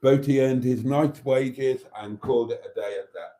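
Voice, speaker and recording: A man's voice: medium pitch, normal speed, mellow. A man hosting a casual livestream, reading viewer comments aloud in a chatty, playful way and repeating items back to callers. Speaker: livestream host.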